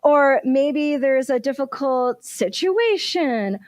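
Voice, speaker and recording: A woman minister giving a sermon, telling stories in an animated way and asking the congregation questions. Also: high-pitched, takes it slowly, dry recording, studio quality.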